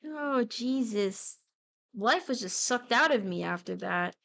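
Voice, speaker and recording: A young adult woman chatting casually on a live stream while she draws, playful and rambling, with sudden bursts of excitement. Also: fairly high pitch, takes it slowly, vocal fry.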